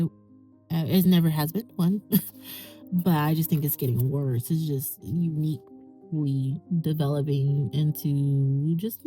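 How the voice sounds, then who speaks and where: A woman's voice: mid-range voice, a little mellow. Woman, podcast host, passionate rant, emphatic, faint music behind. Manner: impassioned, ranting, emphatic. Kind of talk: emotional monologue.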